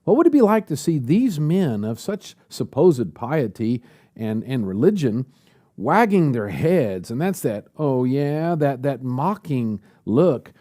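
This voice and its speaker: A man's voice: mid-range voice, very animated, a little slow, mellow. A man preaching a sermon at a church service, asking the congregation rhetorical questions.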